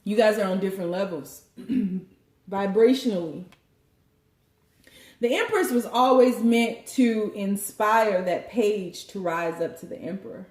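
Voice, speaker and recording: A woman's voice: medium pitch, unhurried, a little mellow. A woman giving a tarot card reading, preachy and joking, with some profanity. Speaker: tarot reader. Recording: roomy echo.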